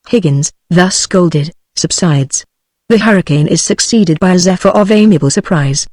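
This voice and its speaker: A text-to-speech woman's voice with a British English accent, reading a stage play aloud in an even, synthetic manner. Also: lowish voice, moderate pace, no room sound, studio quality. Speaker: narrator.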